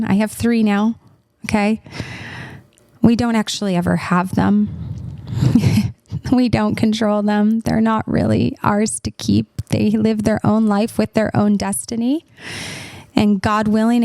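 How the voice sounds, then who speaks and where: A woman in her thirties hosts a coaching podcast, talking in an earnest, soothing way to her listeners. Her voice is mellow and dark with a gravelly edge. The recording is dry and close. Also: medium pitch, dry recording. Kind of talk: heartfelt podcast chat.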